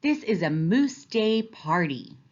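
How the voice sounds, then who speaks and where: Storybook figure: woman voicing a calm, kind male zebra, unhurried, muffled recording. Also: medium pitch. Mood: reassuring. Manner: friendly, reassuring. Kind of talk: storybook read-aloud.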